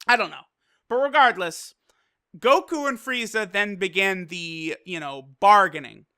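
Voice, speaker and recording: An excitable anime reviewer talking casually, swearing often and padding sentences with fillers. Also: mid-range voice, a little slow, smooth. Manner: excitable and profane, with loose fillers.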